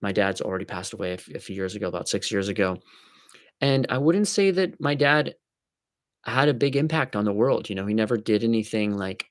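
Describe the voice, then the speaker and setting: A man hosts a casual live stream, talking in a relaxed, joking way and answering viewers by name. His voice sits low. The sound is dry and close, with no room echo. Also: brisk.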